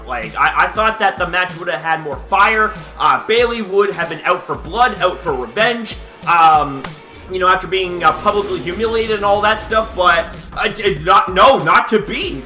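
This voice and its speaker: Young male recap host, high lively voice, roomy sound with faint music underneath. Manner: animated, swears a lot, filler-heavy. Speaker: wrestling commentator, channel host. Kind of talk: casual video recap. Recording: echoey room with faint music.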